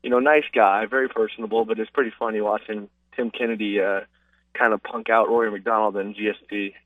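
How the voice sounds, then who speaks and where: Rambling fighter on a tinny phone line. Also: male voice, fairly low pitch, steady tone, fairly quick, no echo, far from the mic. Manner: casual, rambling with many fillers. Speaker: MMA fighter guest. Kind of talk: phone interview storytelling.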